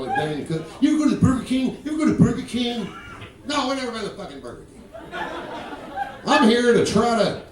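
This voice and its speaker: A man in his fifties with a high-sitting voice does profane stand-up on a comedy club stage, teasing the crowd and spinning drawling stories as part of a crowd-work routine. The recording is noisy, with roomy club sound captured from a distance. Guitar and audience laughter fill the background.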